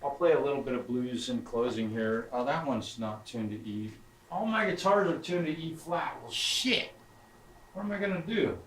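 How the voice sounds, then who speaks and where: A man's voice: mid-range voice, lively intonation, moderate pace, a bit bright, slight background noise. A middle-aged man livestreaming as a guitarist, chatting casually in a rambling, sentimental way with frequent swearing.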